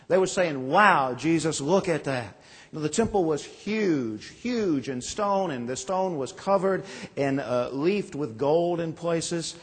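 A man's voice: sits high, slightly rough. A pastor in his forties preaching a sermon, reading scripture and telling folksy stories with self-deprecating jokes. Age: 40s. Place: church sanctuary. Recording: long echo of a large church.

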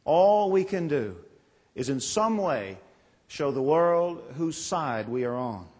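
A man's voice: on the high side, big pitch swings, takes it slowly, a little mellow, breathy edge. A man in his forties, a pastor preaching a sermon, telling stories in a folksy, self-deprecating way. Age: 40s. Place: large church sanctuary. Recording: long reverb in a church.

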